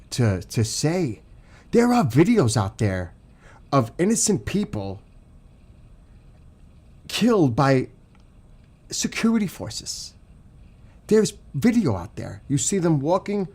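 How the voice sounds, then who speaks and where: This livestream host has a fairly high-pitched, darkish voice and a New York accent. He vents to his chat about politics, heated, emotional, and profane.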